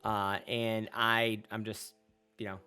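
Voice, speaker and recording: A man voicing a laid-back male vampire peacekeeper who talks casually and reassuringly, sometimes dropping to a hushed tone. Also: on the low side, flat delivery, slow, soft background music. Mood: hushed, confiding.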